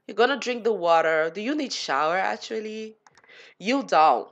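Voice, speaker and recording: A woman's voice: mid-range voice, lively intonation, moderate pace. A woman giving casual gameplay commentary, chatty and giggly, talking to her game characters as she plays. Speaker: gaming channel host.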